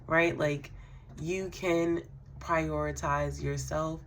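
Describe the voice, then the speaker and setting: A woman doing a spiritual tarot reading. She speaks to the listener directly in a relaxed, affirming way, with fillers and soft laughs. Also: deep voice, measured pace, gravelly, a little hiss or hum. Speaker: tarot card reader.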